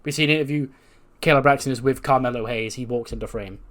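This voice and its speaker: A man's voice: medium pitch, fast talker, a bit bright. A man casually recapping a wrestling management game, chatty with fillers. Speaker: let's play host.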